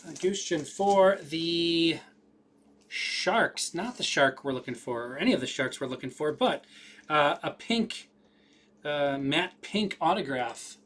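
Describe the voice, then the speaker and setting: A man's voice: on the high side, lively intonation, slow, a bit bright. A man hosting a live card break, rattling off names with casual running commentary.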